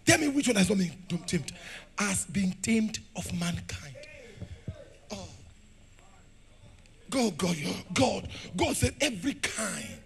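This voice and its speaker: A middle-aged Nigerian pastor preaching a fiery sermon in a church, shouting, laughing and firing questions at the congregation. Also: male voice, high-pitched, animated, slow pace, vocal fry, pauses often.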